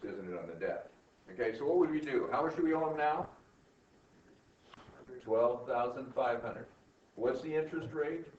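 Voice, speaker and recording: An older man teaching an accounting class, quizzing students with quick questions and teasing them. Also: mid-range voice. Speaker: accounting professor. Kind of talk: classroom lecture. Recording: distant, roomy, dull lo-fi with faint noise.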